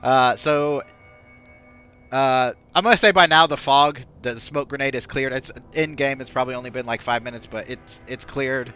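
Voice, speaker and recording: A man's voice: medium pitch, steady tone, normal speed, bright, forceful tone, faint music behind. A man narrating a tabletop game as game master, rambling with many fillers and restarts, in a dull lo-fi recording.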